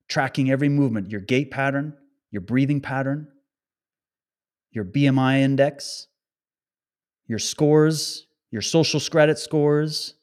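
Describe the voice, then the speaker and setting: A man's voice: mid-range voice, a little mellow. A man delivering an agitated ranting monologue, firing off one rhetorical question after another at his listeners. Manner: rapid-fire rhetorical questions; emphatic, agitated.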